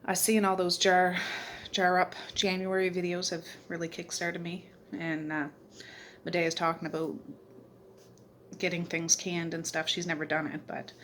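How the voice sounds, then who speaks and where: A woman's voice: lowish voice, little pitch movement, moderate pace, slight background noise. A middle-aged woman from Canada vlogging in a rambling casual chat, full of fillers and repeated words. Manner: chatty, rambling, warm sign-off with repeated fillers. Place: outdoors in cold snowy weather, then at home.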